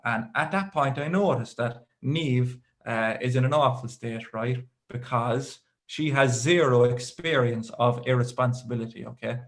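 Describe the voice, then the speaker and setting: Young Irish male stand-up, mid-pitched, rambling and self-deprecating, deadpan asides. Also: unhurried, hardly any pauses. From Ireland. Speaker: stand-up comedian. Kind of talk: stand-up storytelling. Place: live comedy show with audience.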